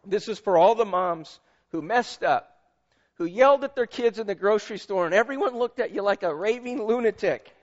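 A man's voice: high voice, normal speed, highs cut off. A man preaching a sermon as pastor, emphatic and conversational, with asides to the congregation.

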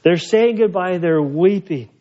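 A man's voice: high voice, measured pace. A man preaching an expository sermon in a church, conversational with joking asides. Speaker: pastor. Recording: dull lo-fi sermon recording.

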